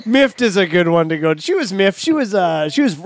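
A man hosting a podcast in casual chat, quick to joke and laugh along. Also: high voice, very animated, very noisy. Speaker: podcast host.

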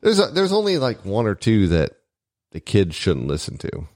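A man's voice: fairly low pitch, wildly swooping pitch, normal speed, darkish tone, dry recording, studio quality. A man co-hosting a podcast in casual chat, making crude jokes and laughing often, recorded in a home garage. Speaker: podcast co-host.

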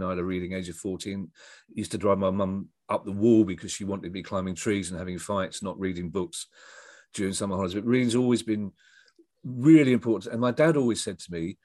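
In a dry recording, a middle-aged comedian and writer with a low, darkish voice spins rambling tales during a casual interview, frequently starting over and adding self-deprecating asides.

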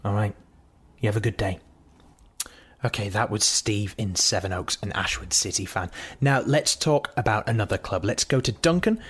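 An actor playing a radio phone-in host who soothes and placates upset callers. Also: male voice, on the low side, normal speed, fairly bright tone, breathy edge. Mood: soothing.

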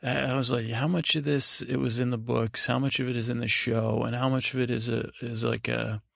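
A man hosting a sleep podcast, recapping in a meandering, halting way with many restarts. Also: medium pitch, flat delivery, gravelly, fairly bright tone, dry recording, studio quality. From United States. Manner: paraphrases scenes in casual voices. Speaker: podcast host.

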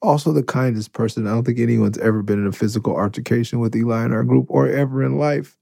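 A middle-aged man hosting a podcast, telling stories in a casual, animated way, laughing and swearing freely. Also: medium pitch, fast talker, creaky, few pauses, no room sound. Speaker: podcast host. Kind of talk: casual storytelling.

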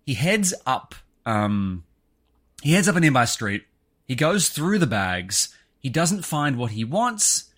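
A man co-hosting a podcast, telling a story in casual chat, animated and full of swings in pitch. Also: slow. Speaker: podcast co-host.

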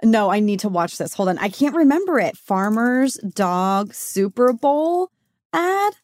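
A woman co-hosting a beauty podcast in casual chat, talkative and quick to laugh and tear up. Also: a little high, very animated, darkish tone, no room sound. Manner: chatty, gets emotional and laughs through tears. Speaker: podcast co-host.

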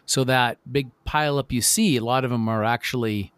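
A man's voice: mid-range voice, normal speed, fairly bright tone, clean tone, dry recording. A man appearing as a podcast guest, casually sharing film trivia and playfully teasing the hosts. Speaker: podcast guest, actor and filmmaker.

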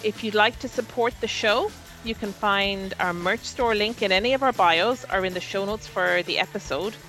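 A woman's voice: mid-range voice, normal speed, a bit bright, soft background music, low-quality recording. A woman reading the podcast's scripted announcements in an upbeat way. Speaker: podcast co-host reading show notices.

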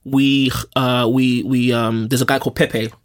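A man from North London with a London accent, co-hosting a podcast and telling a story in casual, slangy chat full of shout-outs. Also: medium pitch, little pitch movement, unhurried. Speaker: podcast co-host.

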